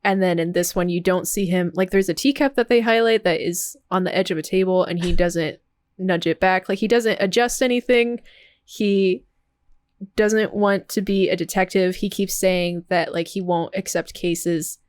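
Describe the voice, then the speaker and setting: A young woman co-hosting a movie podcast in casual chat, talking with fillers, laughing often, and slowing down to explain. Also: on the low side, a little mellow, no room sound. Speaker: podcast co-host.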